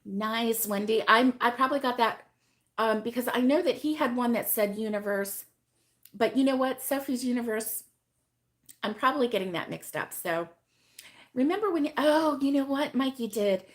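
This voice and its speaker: A middle-aged woman hosting a casual crochet live stream, chatting with viewers by name and laughing often, her voice still hoarse from being sick. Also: a little high, normal speed. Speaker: crochet channel host.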